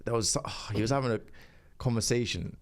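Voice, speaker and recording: A young footballer, laid-back and agreeable in a casual chat. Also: male voice, medium pitch, quick pace. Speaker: guest footballer.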